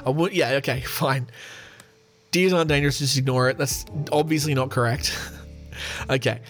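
A man's voice: medium pitch, fairly even intonation, moderate pace, fairly bright tone. Brief: male podcast host, loose and joking, faint music behind. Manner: joking, reads questions aloud and answers himself. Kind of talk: casual chat reading a quiz.

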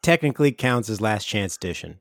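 A man's voice: lowish voice, animated, fairly quick, fairly bright tone. A man co-hosting a podcast, joking and laughing often in casual chat.

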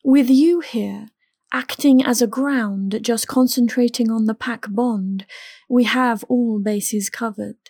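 A woman's voice: on the high side, slow, a little mellow, husky, dry recording, studio quality, exaggerated voice. A woman reading a confident playful woman. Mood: explaining. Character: confident red-haired woman, playful leader.

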